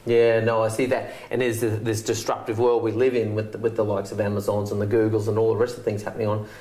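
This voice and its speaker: A man's voice: on the low side, monotone, fast talker, dark tone, echoey room. An Australian man hosting a business show, chatting easily with his guest and reading out the show's promotions. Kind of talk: casual interview and sign-off.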